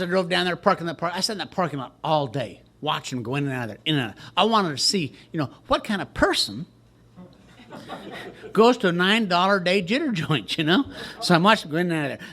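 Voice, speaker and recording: A man with a slightly higher-than-usual voice tells his recovery story to a group. He jokes at his own expense, and his delivery stays dry and wry. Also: animated, quick pace, bright, forceful tone. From Texas, USA. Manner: wry, joking storyteller who laughs at himself. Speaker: recovery speaker at a retreat. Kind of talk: personal recovery story told to a crowd.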